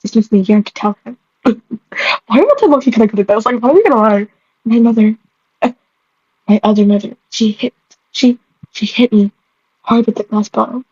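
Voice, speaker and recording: A young woman with a fairly high, slightly husky voice reads her old stories aloud, laughing at herself and stumbling over the words. She is self-mocking and casual. The recording is dry and close, on a dull lo-fi mic. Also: steady tone, brisk, long pauses, a little mellow, no echo. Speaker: vlogger.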